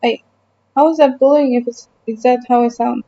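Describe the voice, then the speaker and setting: High-voiced frustrated gamer woman streaming. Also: fairly even intonation, normal speed, mellow, highs cut off. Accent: German. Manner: frustrated, chatty, reacting to chat while playing. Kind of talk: casual live-stream chat while gaming.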